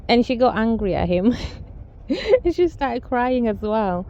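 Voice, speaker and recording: A woman's voice: on the high side, unhurried, mellow, highs cut off. A woman telling a casual family story, rambling with restarts and amused asides. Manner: rambling, many restarts and fillers, laughs at own story.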